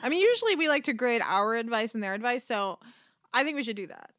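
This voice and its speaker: A woman co-hosting a comedic advice podcast, quick to laugh as she chats. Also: on the high side, animated, fairly bright tone. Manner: giggly, breaks into laughter often. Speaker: podcast co-host.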